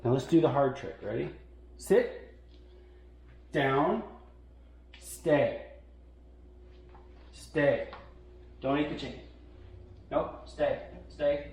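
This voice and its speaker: A man casually vlogging through a camera review, chatty and relaxed and laughing easily, recorded on a built-in action camera mic. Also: medium pitch, takes it slowly, long pauses, breathy edge. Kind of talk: casual vlog chat. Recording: noisy outdoor action-camera audio.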